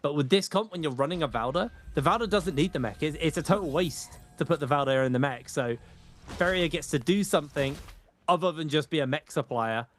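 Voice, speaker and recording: A man casting a live esports match, energetic and rambling, often correcting himself mid-sentence. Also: fairly high pitch, a little fast, a little hiss or hum. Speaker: esports caster. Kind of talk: live esports play-by-play commentary.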